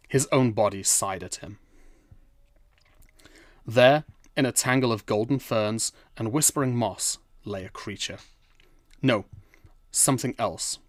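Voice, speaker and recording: A male narrator reads a whimsical fantasy tale with dry, understated humor. His voice sits low. The recording is close and dry, with no room sound. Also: no room sound. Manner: dry, wry storytelling. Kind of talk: scripted storybook narration.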